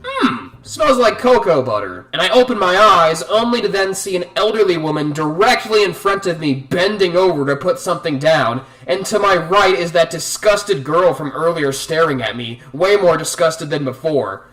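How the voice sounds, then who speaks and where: A man's voice: a little high, normal speed, few pauses, a bit bright, recorded from a distance. A young man narrating a storytime vlog in a profane, exasperated, dramatic way. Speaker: vlogger telling a story.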